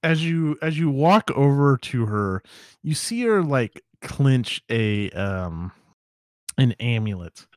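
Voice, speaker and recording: A man's voice: mid-range voice, animated, takes it slowly, a little mellow, no room sound, studio quality. A man running a tabletop game as game master, describing scenes in a loose, hesitant way with many fillers.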